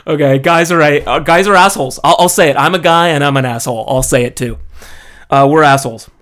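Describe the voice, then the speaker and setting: A man's voice: on the high side, quick pace, fairly bright tone. Exasperated man ranting with profanity. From foreigner living in Japan. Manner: profane, exasperated, peppers talk with "okay?". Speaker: storyteller. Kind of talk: casual ranting monologue.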